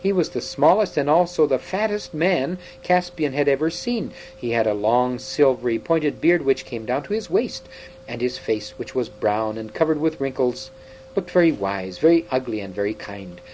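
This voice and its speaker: A man narrating a children's story aloud in a lively, expressive manner. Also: medium pitch, moderate pace, a little hiss or hum, rough recording.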